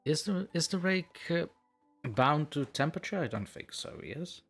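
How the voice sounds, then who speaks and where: A man's voice: on the high side, expressive, moderate pace, fairly bright tone, breathy edge, faint music behind. A man from Europe chatting as a podcast guest, joking and hedging his claims. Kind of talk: casual chat.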